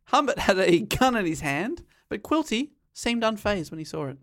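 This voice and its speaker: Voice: medium pitch, very animated, moderate pace, a bit bright. A podcast host casually recapping a novel's plot and reading out quotes, often laughing. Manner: recounts the plot with laughter, quoting passages. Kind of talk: casual chat and story recap.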